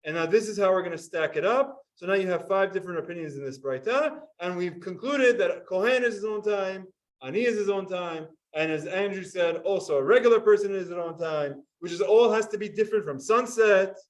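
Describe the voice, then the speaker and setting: A man's voice: high voice, fairly quick, distant mic, poor audio. A man teaching a Talmud class, explaining step by step and asking his students questions.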